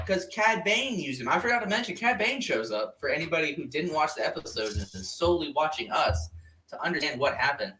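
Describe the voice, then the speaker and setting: A man hosts a podcast in loose, joking chat, his bright voice swinging up and down as he rambles. The sound is roomy and echoing. He sits some distance from the microphone. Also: a little high, big pitch swings, brisk, a little hiss or hum. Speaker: podcast host. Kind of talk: casual chat. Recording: echoey room, off-mic.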